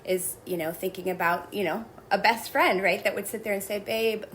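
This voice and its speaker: A woman guest calmly explaining a self-help technique in a measured, reflective way. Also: mid-range voice, slight background noise, poor audio.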